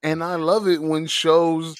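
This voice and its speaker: A man co-hosting a podcast, telling animated stories with quick asides. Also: fairly high pitch, clean tone, no room sound. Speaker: podcast co-host. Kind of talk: casual chat.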